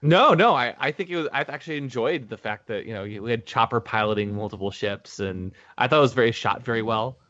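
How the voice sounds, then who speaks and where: A man's voice: medium pitch, fairly quick, hardly any pauses, a bit bright. A man hosting a casual discussion, rambling and restarting his sentences often. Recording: dull lo-fi audio.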